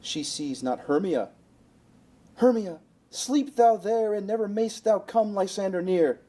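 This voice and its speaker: A woman's voice: mid-range voice, lively intonation, measured pace, dark tone. A woman playing a fickle young male lover, playful and hamming it up, in an amateur Shakespeare reading. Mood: ardent.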